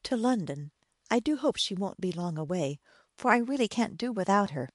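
A woman's voice: mid-range voice, lively intonation, normal speed, no echo, studio quality, lightly acted. A woman voicing a kindly widow and mother in an audiobook, in a mild, plain manner. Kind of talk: audiobook character voice.

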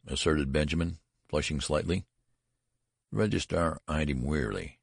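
Audiobook narrator, male, very low and gravelly, dry booth sound. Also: normal speed, no echo. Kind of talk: storybook narration.

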